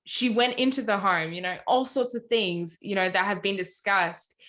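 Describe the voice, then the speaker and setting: A woman's voice: mid-range voice, moderate pace, a bit bright. Australian woman, casual chat, rambling storyteller with filler words. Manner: rambling, many "anyway" and "like" fillers. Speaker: podcast co-host.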